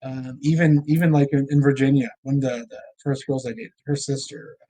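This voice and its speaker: A man who is a podcast guest, telling stories in casual chat with halting, rambling restarts. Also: medium pitch, steady tone, dark tone.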